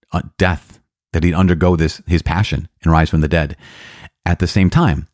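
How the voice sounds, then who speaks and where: A man's voice: sits low, darkish tone, no echo, clean studio sound. A man, a priest, hosting a teaching podcast, thoughtful and searching for words as he explains.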